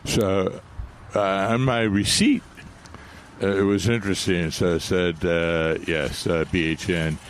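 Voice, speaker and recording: A deep-voiced man chats casually about tomatoes and sales, easygoing and anecdotal. He is recorded outdoors at a nursery, with faint noise in the background. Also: fairly even intonation, measured pace. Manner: easygoing, telling light anecdotes. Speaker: gardening show co-host. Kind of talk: casual radio gardening chat.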